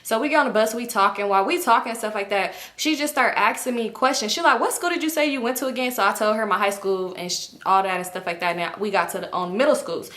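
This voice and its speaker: A woman's voice: mid-range voice, fast talker, hardly any pauses, a bit bright. A young woman telling a gossipy storytime, acting out quoted dialogue and swearing freely. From Los Angeles area. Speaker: vlogger. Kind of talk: casual storytime.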